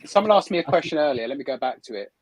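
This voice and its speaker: A man's voice: mid-range voice, lively intonation, racing, dry recording, low-quality recording. A man hosting a live stream from a hot shed, chatting upbeat and thinking aloud while he works. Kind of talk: casual chat while working. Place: hot shed under photography lights.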